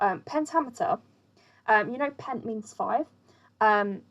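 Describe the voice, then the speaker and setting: Brief: young woman teaching, chatty and loose, fillers throughout, middle pitch. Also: rough recording. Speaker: poetry teacher. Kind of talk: casual explainer lesson.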